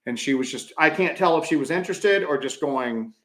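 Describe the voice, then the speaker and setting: A man co-hosting a paranormal podcast livestream, telling stories in a joking, animated way. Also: a little high, brisk. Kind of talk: casual livestream chat.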